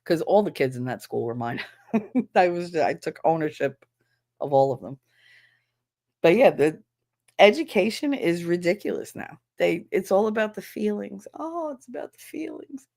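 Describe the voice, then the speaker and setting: A woman's voice: on the low side, animated, moderate pace, long pauses, a little mellow. A woman who is a former schoolteacher, talking bluntly and with profanity in a casual livestream chat. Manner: blunt and profane, acts out quoted voices.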